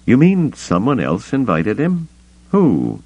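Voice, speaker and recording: A man voicing a gruff male smuggler in an audiobook, speaking in a raised, lively voice with some gravel. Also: mid-range voice, takes it slowly, dry recording, voice pushed up, exaggerated voice. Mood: wary. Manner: terse, grumbling lines.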